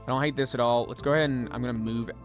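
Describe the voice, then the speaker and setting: A man's voice: medium pitch, steady tone, racing. A man casually thinking aloud while playing a building game live, poking fun at himself and chatting to his viewers. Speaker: streamer. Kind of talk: casual live gameplay commentary. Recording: music playing behind the voice.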